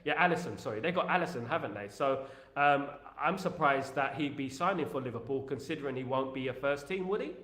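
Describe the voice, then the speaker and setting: A man's voice: medium pitch, expressive, fairly quick, fairly bright tone, echoey room. A man hosting a football fan channel, chatting casually on a live stream and reading out viewer messages in a repetitive, joking way full of filler phrases.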